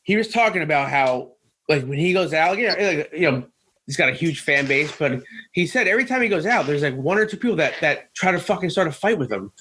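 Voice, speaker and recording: A man's voice: fairly high pitch, animated, fast, sharp tone, a little hiss or hum. A man co-hosting a podcast, speaking with stammered restarts and incredulous questions. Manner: stammering, incredulous, casual swearing. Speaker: podcast co-host. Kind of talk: casual podcast chat.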